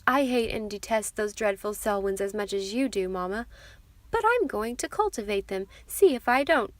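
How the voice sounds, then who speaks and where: A woman's voice: medium pitch, lively intonation, moderate pace, no room sound, lightly acted. A woman voicing a shrewd, spoiled young daughter who talks in a pert, scheming way.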